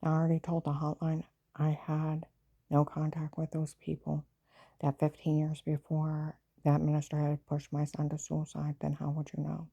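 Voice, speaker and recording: A woman's voice: low-pitched, monotone, moderate pace, creaky, mellow, husky, highs cut off. A woman telling her own story in a rambling personal account, agitated and jumping between events while quoting others.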